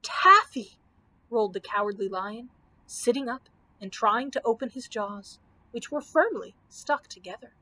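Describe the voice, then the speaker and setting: A woman librarian reading a children's storybook aloud with expressive, measured storytelling. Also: a little high, low-quality recording.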